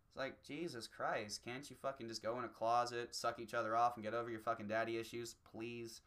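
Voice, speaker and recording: A comedian delivering a profane, rambling, self-mocking solo rant that swings between low mutters and loud bursts. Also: steady tone, normal speed, few pauses.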